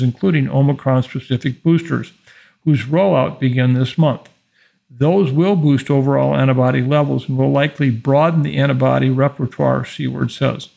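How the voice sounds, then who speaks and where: Man, very gravelly voice, mid pitch, measured, emphatic, podcast commentary. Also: darkish tone. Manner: measured, emphatic, reads quoted passages aloud. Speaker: podcast host discussing infectious disease. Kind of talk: explanatory monologue, reading from an article.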